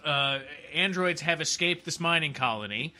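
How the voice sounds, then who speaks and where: A man with a very bright, forward voice talks in a loose, rambling way and laughs often. He is co-hosting a casual chat podcast and keeps breaking into jokes. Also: a little high, lively intonation, normal speed. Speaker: podcast co-host. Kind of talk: casual chat about a TV show.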